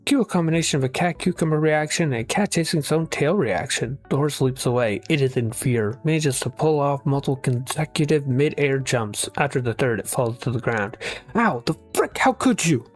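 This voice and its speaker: A narrator reading comedy blog posts in a dry, matter-of-fact deadpan manner over soft background music. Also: medium pitch, fairly quick, hardly any pauses.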